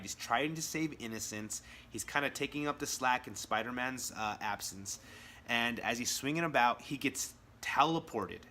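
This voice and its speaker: Male vlog host, casual comic review, eager and animated delivery, bright tone, faint hiss behind. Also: mid-range voice. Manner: enthusiastic, acts out quotes in character voices.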